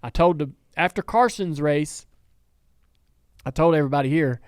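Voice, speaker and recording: A man's voice: a little high, moderate pace, no echo. A man hosting a casual studio talk show, telling rambling stories with many restarts. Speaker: podcast host and team owner. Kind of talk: casual chat.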